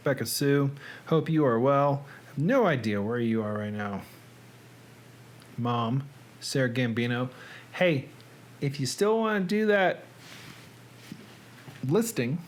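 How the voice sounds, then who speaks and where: A man's voice: medium pitch, animated, takes it slowly, long pauses. A man hosting a casual livestream from his home editing room, chatting and greeting viewers by name. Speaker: host.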